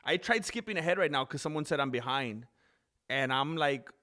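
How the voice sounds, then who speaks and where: A man casually commentating a live fight stream, chatty and rambling, quick to get excited. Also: on the high side.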